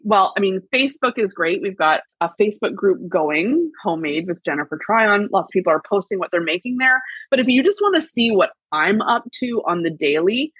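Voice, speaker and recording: A middle-aged woman telling a story as a podcast guest, casual and animated, acting out quotes. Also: a little fast, few pauses, slightly rough, no room sound, lo-fi sound. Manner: animated, acts out quotes with big pitch jumps. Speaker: guest, crafting TV personality.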